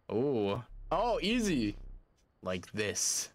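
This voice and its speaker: A man streaming a video game, talking casually in an excitable, profane way. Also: mid-range voice. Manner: excitable and profane, quick to swear. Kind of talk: casual gaming commentary.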